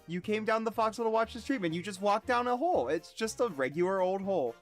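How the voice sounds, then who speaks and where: A man's voice: sits high, lively intonation, soft background music. A man streaming a video game, chatting casually and profanely with his viewers and joking at his own expense. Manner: profane, self-mocking, quick asides to chat. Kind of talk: casual game livestream chat.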